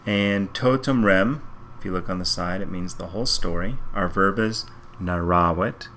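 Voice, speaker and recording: A man's voice: low voice, normal speed, a bit bright, slight background noise. A man teaching Latin, working through a reading passage sentence by sentence and thinking aloud in a methodical way. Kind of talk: slow step-by-step translation walkthrough.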